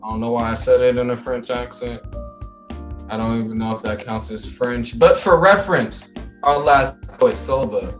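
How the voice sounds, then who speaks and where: A man's voice: medium pitch, moderate pace, soft background music. A man hosting a poetry slam in a playful way, announcing scores and hyping the crowd with chants. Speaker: slam host. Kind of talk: casual event hosting.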